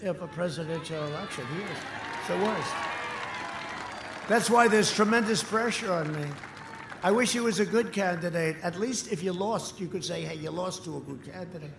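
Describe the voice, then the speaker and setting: A man in his seventies giving a boastful, repetitive campaign rally speech, swinging between shouts and quiet asides. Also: high-pitched, reverberant, slight background noise. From United States. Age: 70s. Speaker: political candidate.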